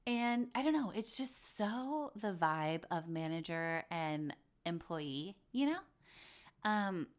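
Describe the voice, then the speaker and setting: A woman's voice: medium pitch, a bit bright. Chatty woman gushing over reality TV. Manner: gushing, chatty, lots of fillers. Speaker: podcast host. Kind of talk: casual reality TV recap chat.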